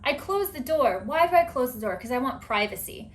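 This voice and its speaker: A woman hosting a podcast in casual chat, chatty and animated with lots of filler words. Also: high-pitched, a little fast. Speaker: podcast host.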